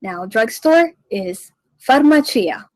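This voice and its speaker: A woman hosting a radio language lesson, teaching slowly and repeating each phrase so listeners can follow. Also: on the high side, animated, dry recording, poor audio. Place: radio studio.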